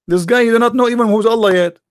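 Extremely high-pitched and rapid-fire, an Arabic-accented man who isn't a native English speaker mocks what he reads on a screen. This online religious commentator sounds sarcastic and incredulous and mimics sneezes, in a dry studio-quality recording.

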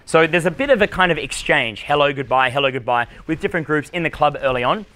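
An Australian man lectures a seminar crowd as a dating coach, with a blunt, swearing, punchy delivery. His voice is bright and forceful, pitched a bit above most men's. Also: expressive, quick pace. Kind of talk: live seminar talk. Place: conference room with live audience.

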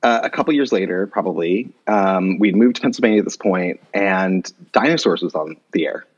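A man telling a long personal story as a podcast guest, lively and quick to jump into other people's voices. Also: husky. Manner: animated, jumps pitch when quoting people. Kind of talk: conversational storytelling. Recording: muffled low-fidelity remote audio.

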